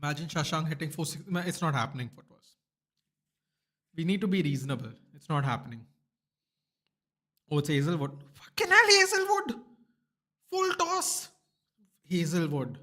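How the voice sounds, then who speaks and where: A man hosting a live cricket watchalong, reacting excitedly and shouting at big moments with slangy asides. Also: on the high side, a little fast, pauses often. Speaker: watchalong host.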